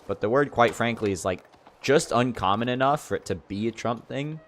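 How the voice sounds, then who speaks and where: A man's voice: medium pitch, moderate pace, slight background noise. A young man chatting casually on a livestream, rambling and filling his talk with "like" and "you know". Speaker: streamer.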